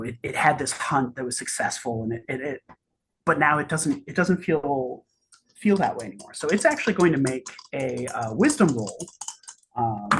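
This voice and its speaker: A game master narrating a tabletop game in a halting way, with many restarts and fillers. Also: mid-range voice, a little hiss or hum.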